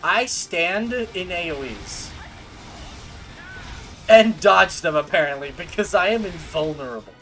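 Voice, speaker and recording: A man's voice: sits high, animated, measured pace, long pauses, a bit bright, soft background music. A man streaming a game, joking and playful, with asides to himself. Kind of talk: casual gameplay commentary.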